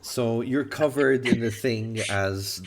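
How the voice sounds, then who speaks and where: A man from Malta narrating a tabletop role-playing game as game master, halting and full of fillers and restarts. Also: medium pitch, heavy background noise.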